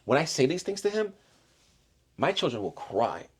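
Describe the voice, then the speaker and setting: A man's voice: fairly high pitch, big pitch swings, normal speed, breathy edge. A father in a casual podcast chat, animatedly telling stories about his kids and acting out their voices. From the islands. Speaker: single father guest.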